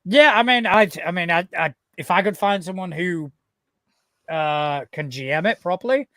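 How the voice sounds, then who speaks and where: A man with a northern English accent, hosting a relaxed conversation. He stops and restarts his sentences and swears casually. His voice is dry and close, with no room sound around it. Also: sits high, normal speed, no room sound. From north of England. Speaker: podcast host. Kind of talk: casual chat.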